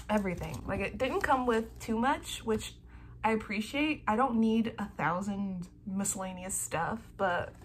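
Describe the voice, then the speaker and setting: A young woman vlogging an excited unboxing from home, gasping and squealing over fan merchandise. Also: medium pitch, a little hiss or hum.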